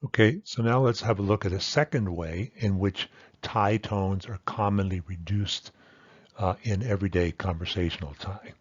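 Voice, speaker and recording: A man with a fairly low voice gives a patient, step-by-step language lesson. He repeats each example word slowly, sounding it out more than once. The recording is dry and a little dull and lo-fi. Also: slightly rough, no room sound. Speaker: Thai language teacher. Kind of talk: explanatory lesson.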